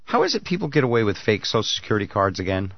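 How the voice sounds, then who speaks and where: Man, radio host, lowish voice, joking banter, dry dull studio sound. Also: huge pitch swings, very fast, creaky, no room sound. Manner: joking, reads news items aloud. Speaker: radio talk show host. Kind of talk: casual morning show banter.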